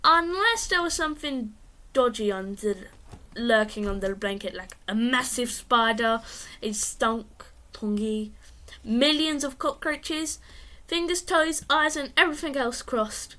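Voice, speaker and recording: A woman reads a children's storybook aloud with lively expression. Her voice sits high and bright, and she leans into every turn of the tale. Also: a little slow. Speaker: reader.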